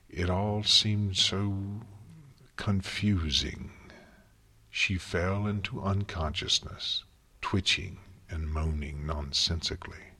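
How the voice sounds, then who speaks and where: A man reading a story aloud in a slow, measured narration style. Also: low voice, bright, forceful tone, breathy edge. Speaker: audiobook narrator. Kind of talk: scripted fan fiction narration. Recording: long hall reverb.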